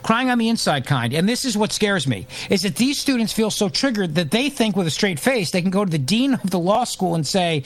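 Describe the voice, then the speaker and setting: A man's voice: high-pitched, very animated, fairly quick, hardly any pauses. A middle-aged man hosting a talk radio show, delivering a sarcastic, mocking monologue. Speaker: fill-in radio host.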